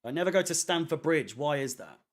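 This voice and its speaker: A man talks casually to a live chat, loose and rambling with plenty of ums. His voice sits a little high for a man. He swears offhandedly as he goes. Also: animated, a little fast. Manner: rambling, chatty, swears casually, many fillers. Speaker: fan channel watchalong host. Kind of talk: casual live-stream chat reading comments.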